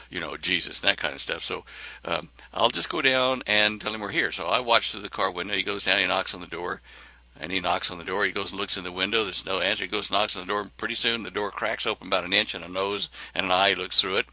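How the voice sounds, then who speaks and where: A man telling a personal story in a lively way, acting out the lines of the people in it. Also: low-pitched, gravelly, no room sound. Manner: animated, acts out other people's lines.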